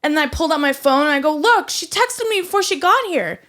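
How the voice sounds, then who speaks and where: Animated woman telling a workplace story. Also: a little fast. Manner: animated, acts out quotes with big pitch jumps, swears. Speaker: podcast co-host. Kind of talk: casual storytelling chat.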